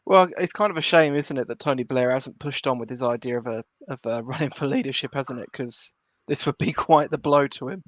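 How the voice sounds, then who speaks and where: A man's voice: mid-range voice, fairly quick. A man chatting casually as a guest on a live stream, hesitant and easygoing.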